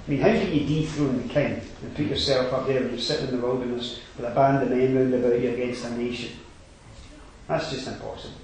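A man preaching a sermon, swinging between quiet reflection and loud emphatic exhortation. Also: mid-range voice, slight background noise. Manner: rising to emphatic exhortation, then dropping quiet. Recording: very echoey hall.

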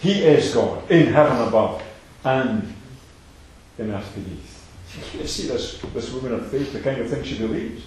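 A man preaching a sermon, emphatic and repetitive, swinging between loud declarations and soft asides. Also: mid-range voice, lively intonation, unhurried, slight background noise. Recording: very echoey hall.

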